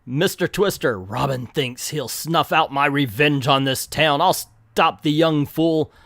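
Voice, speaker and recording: A man's voice: a little high, a little slow, fairly bright tone, dry recording. Gloating villain, male, cackling and boastful, put on by a man reading a comic, dry close sound.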